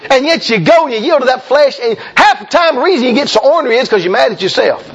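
A man preaching a sermon, folksy and emphatic, with sudden shouts and slow drawn-out lines. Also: very high-pitched, animated, breathy edge, muffled recording.

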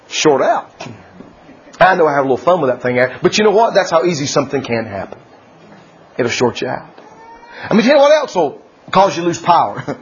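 A preacher man with a husky, breathy voice that rises fairly high and leaps around in pitch, laughing through his points. He swings between shouted declarations and quiet asides. The sermon comes through a dull, lo-fi church recording. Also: brisk, long pauses. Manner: animated, laughing, swings from loud to hushed. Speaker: pastor. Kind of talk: folksy sermon.

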